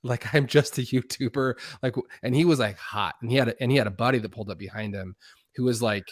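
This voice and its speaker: A man, a guest YouTuber, telling stories in an animated way on a video call, with lots of fillers and restarts. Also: fairly low pitch, very fast, no room sound, clean studio sound. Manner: many fillers and restarts, acts out quoted voices. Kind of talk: animated storytelling.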